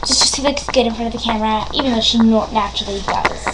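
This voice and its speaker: A woman's voice: a little high, steady tone, quick pace. A young woman playing with dolls on a webcam, talking in a bossy, sassy way and sometimes like a mock announcer. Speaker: doll play performer. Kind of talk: playful doll play on webcam. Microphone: built-in webcam mic. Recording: loud hiss on webcam audio.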